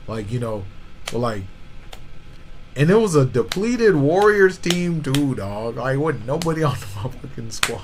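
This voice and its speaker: A man's voice: mid-range voice, very animated, unhurried, soft background music, poor audio. A man co-hosting a podcast, arguing about basketball in casual slang and often saying "you know what I'm saying". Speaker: podcast co-host. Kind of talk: casual sports debate.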